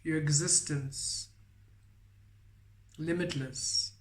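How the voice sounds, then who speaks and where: A man giving a spiritual tarot reading, speaking softly and repeating affirmations in a roomy, echoey recording. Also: a little high, steady tone, very slow. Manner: soft-spoken, repeats affirmations. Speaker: tarot reader. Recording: roomy echo.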